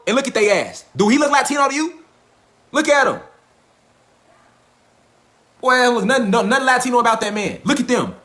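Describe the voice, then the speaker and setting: A man's voice: sits high, a bit bright. A man giving a profane, emphatic livestream lecture into a phone or webcam, repeating rhetorical questions. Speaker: online lecturer. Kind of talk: animated livestream rant.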